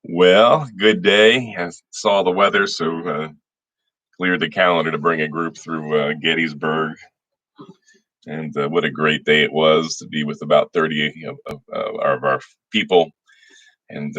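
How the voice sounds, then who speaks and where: A man's voice: a bass voice, pushed and bright, no room sound. A middle-aged man hosting a livestream, casually greeting viewers by name in a folksy way. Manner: folksy, reads viewer names aloud, frequent restarts. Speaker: state senator hosting a livestream.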